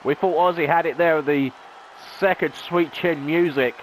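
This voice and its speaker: A man's voice: a little high, fairly even intonation, moderate pace, a little hiss or hum, rough recording. A man, a gaming channel host, calling a video game wrestling match play-by-play in a dramatic announcer style with rhetorical questions.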